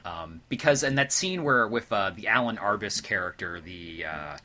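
A man's voice: fairly low pitch, expressive, moderate pace, pushed and bright. A man co-hosting a podcast, talking casually about an old film with many restarts and fillers. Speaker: podcast co-host. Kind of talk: casual movie discussion.

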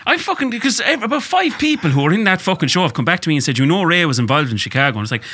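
A man's voice: a little high, very animated, rapid-fire, bright, forceful tone, breathy edge. An Irish man co-hosting a podcast, telling stories in a loose, sweary, laughing way. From Ireland. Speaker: podcast co-host. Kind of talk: casual podcast chat.

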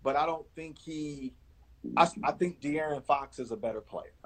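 A man's voice: fairly high pitch, moderate pace, poor audio. A man in his forties, a basketball scout, chatting casually in an interview and repeating his words as he goes. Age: 40s. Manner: repeats words, animated storyteller.

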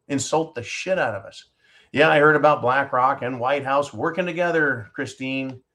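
A man's voice: mid-range voice, fairly bright tone. A man hosting a talk show, ranting in angry, sarcastic political commentary and answering listener comments.

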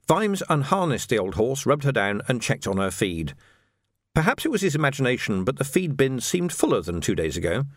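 Expressive male audiobook narrator. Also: fairly low pitch, no room sound, studio quality. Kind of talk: scripted narration.

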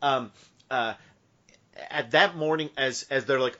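A man's voice: medium pitch, measured pace, pushed and bright. A man hosting a podcast, telling a playful made-up story full of asides and tangents. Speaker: podcast host. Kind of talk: casual podcast banter. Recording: dull lo-fi podcast audio.

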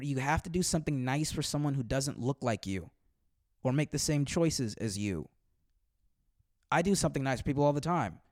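A man's voice: medium pitch, no echo, studio quality. A man, a comedian on a podcast, ranting heatedly with lots of swearing and repeated words. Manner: heated, profane, repeats words when worked up. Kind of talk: podcast rant. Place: Los Angeles.

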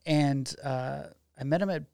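A man's voice: medium pitch, a little slow, creaky, dry recording, studio quality. A man, a documentary filmmaker guest, chatting casually in an interview and acting out the dialogue in his stories. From Oregon. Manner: animated storyteller who acts out quoted dialogue.

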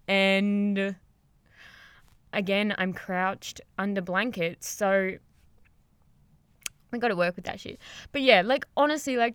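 A woman's voice: medium pitch, fairly bright tone, clean tone, no echo. A young woman hosting a casual motivational podcast, rambling and upbeat, swearing freely and laughing often, recorded very close to the microphone while crouched under blankets. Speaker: podcast host, yoga teacher.

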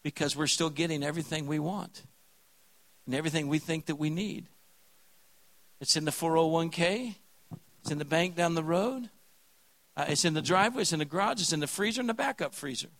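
A man with a high, bright voice preaches a revival sermon. He is fervent and folksy, dropping to quiet asides and then rising to loud, exhorting calls. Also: rough recording. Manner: fervent preaching, swings from hushed to loud, folksy country phrases. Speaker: pastor.

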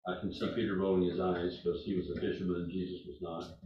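An older man preaching a sermon, speaking earnestly and repeating himself, with lively storytelling. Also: deep voice, fast talker, slight background noise. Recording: echoey hall from far off, dull.

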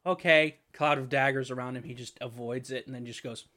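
A young man hosts a laid-back podcast chat in a medium-pitched voice. He rambles, swears freely and leans on fillers as he talks. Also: steady tone, brisk, bright, forceful tone. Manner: rambling and profane, with frequent fillers and laughter. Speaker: podcast host.

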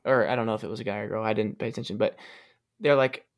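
A man co-hosting a casual podcast movie discussion, talking haltingly with many ums and restarts. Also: fairly low pitch, steady tone. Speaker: podcast co-host.

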